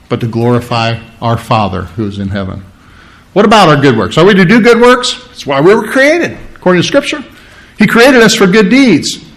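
A man delivers a sermon in a slightly high-pitched voice. He asks questions of the congregation and answers them himself, often swinging his pitch up and then down. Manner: earnest preaching with rhetorical questions and sudden pitch swings. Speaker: pastor.

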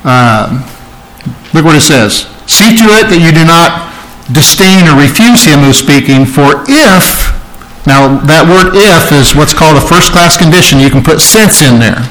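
A man's voice: a little high, lively intonation, unhurried, a bit bright, rough recording. A man preaching an expository sermon, explaining scripture word by word, with frequent restarts and rising emphasis on key phrases. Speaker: pastor.

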